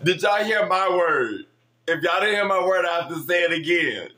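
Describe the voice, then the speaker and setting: A man with a high, bright voice hosts a playful game night. He giggles through his lines and swears casually, and his pitch swings widely while he keeps an unhurried pace. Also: lively intonation, echoey room. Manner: giggly, laughs constantly. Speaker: host. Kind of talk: playful party-game chat.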